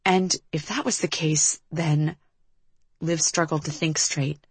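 Measured woman reading a dark story. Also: deep voice, steady tone, slightly rough, no room sound, rough recording. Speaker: audiobook narrator. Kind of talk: scripted narration.

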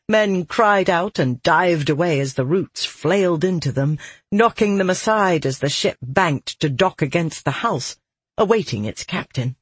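An audiobook narrator reading a fantasy adventure in a measured, expressive storytelling manner, recorded close on a dry studio mic. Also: medium pitch, breathy edge, no room sound.

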